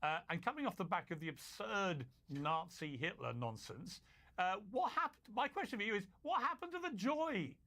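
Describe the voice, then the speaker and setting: A male debate host with a bright, sharp tone and a slightly high pitch. He is insistent and pointed, and he cuts in repeatedly to control the exchange. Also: very animated, moderate pace. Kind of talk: moderating a heated televised debate.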